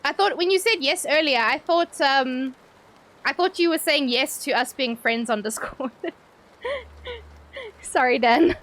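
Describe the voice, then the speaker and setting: A young woman with a high, bright voice chats casually with her live-stream audience, slow and with long pauses but lively in intonation. She jokes around loosely, swears freely, and breaks into laughs.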